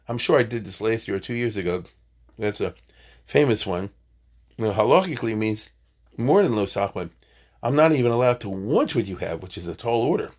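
A man teaching an informal Torah class, chatty, with joking asides and Hebrew terms. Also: mid-range voice.

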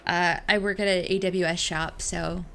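A woman with a bright, sharp-edged voice gripes about software as a podcast co-host. She talks animatedly with a sarcastic streak and acts out what other people say. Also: lowish voice, level tone, moderate pace. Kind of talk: casual tech chat.

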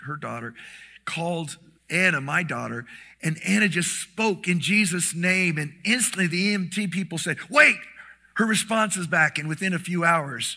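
A middle-aged man preaching a sermon, telling a story with lively animation and acting out the quoted lines. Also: on the high side, vocal fry. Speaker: pastor.

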